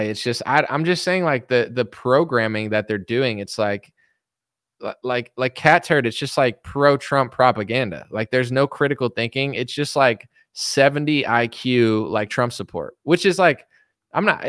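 A man's voice: medium pitch, a bit bright, dry recording, studio quality. A man giving a casual opinion monologue, rambling with constant fillers. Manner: rambling, heavy use of filler "like". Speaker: political commentator.

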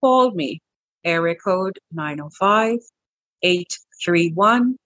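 An animated middle-aged woman tells her own story as an interview guest. Her voice swings up and down freely as she talks, and she stumbles over and repeats words when she gets going. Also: on the low side, slow pace, highs cut off. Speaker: interview guest, wellness clinic owner.

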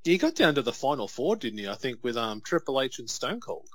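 A man's voice: mid-range voice, big pitch swings, a bit bright, no echo. A man, co-hosting a casual wrestling watch-along and telling anecdotes with acted-out quotes. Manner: storytelling, quick laughs, acts out quotes. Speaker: podcast co-host.

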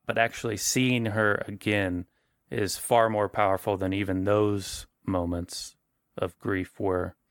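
Guy running a horror tabletop game, lowish voice, dry close sound, kinda loose and chatty. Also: fairly bright tone, dry recording. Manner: conversational, restarts and rephrases. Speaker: game master.

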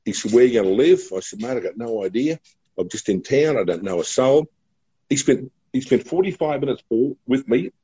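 A man's voice: medium pitch, lively intonation, moderate pace, warm tone, slightly rough, lo-fi sound. A middle-aged man with an Australian accent, a radio broadcaster telling chatty, laughing anecdotes in a casual interview. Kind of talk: casual storytelling.

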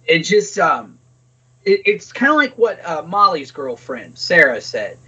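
A man co-hosts a loose podcast chat, rambling and swearing. His voice swings up and down a lot and is bright with a husky edge. The recording sounds dull and lo-fi. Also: fairly high pitch, very animated, unhurried. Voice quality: rambling, profane, lots of fillers. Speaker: podcast co-host. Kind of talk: casual chat.

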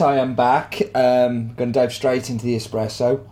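A man hosts a relaxed coffee tasting vlog in a mid-pitched voice. He chats enthusiastically and leans on plenty of ums and uhs. Faint background noise hums behind him. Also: normal speed. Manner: enthusiastic, chatty, filler-heavy. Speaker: coffee roaster host.

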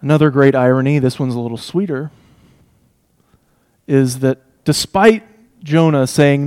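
A man preaching an expository sermon, emphatic, swinging between loud declarations and hushed asides. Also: medium pitch, measured pace, pauses often, smooth.

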